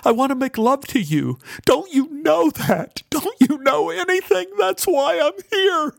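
A man's voice: moderate pace, gravelly, darkish tone, no room sound, studio quality. A man putting on a fragile, tearful young woman. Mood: distraught. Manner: high, tearful and pleading. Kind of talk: audiobook character voice.

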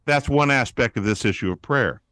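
Animated preaching man, dry close sound. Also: medium pitch, fairly quick, no echo. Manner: animated preaching, acts out quoted voices. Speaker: guest, pastor-author on prayer. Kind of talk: teaching interview answer.

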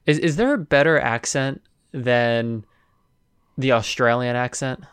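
A man's voice: mid-range voice, measured pace, a bit bright, clean tone, no room sound. A man co-hosting a casual podcast, chatty, leading the segment questions. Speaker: podcast co-host. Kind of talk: casual sports podcast chat.

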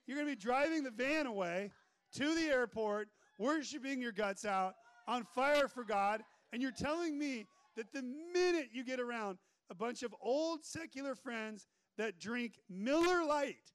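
High-voiced, animated male preacher. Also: moderate pace. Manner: animated, joking, acts out voices. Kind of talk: energetic sermon. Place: room with an audience.

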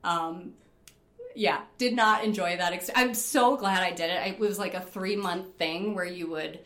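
A middle-aged woman from upstate New York telling stories in a casual interview, animated, laughing often and using lots of fillers. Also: on the low side, moderate pace, reverberant. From Rochester, New York. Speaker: interview guest, rock climber.

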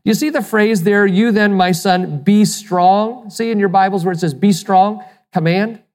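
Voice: medium pitch, measured pace, darkish tone. Emphatic preacher in a reverberant hall. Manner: emphatic, asks the listeners rhetorical questions; repeats words when restarting. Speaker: pastor. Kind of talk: sermon.

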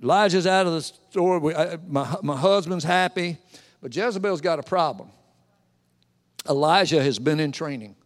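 A male pastor delivers a sermon, animated and theatrical as he acts out the story's characters. His voice sits a little high for a man. The sound carries a long reverb from a large church hall. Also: normal speed. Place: church sanctuary.

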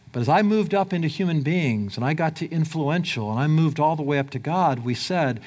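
A man preaching a sermon in a conversational way, swinging between loud emphatic lines and quiet low ones. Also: slightly rough. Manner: conversational, with fillers like "like" and "right?". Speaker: pastor.

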